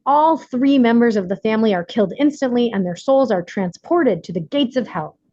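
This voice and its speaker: A woman reading her own self-help book aloud, earnest and deliberate, at a middle pitch. Her words come through a dry, somewhat dull recording with no room sound. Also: lively intonation, warm tone, no echo.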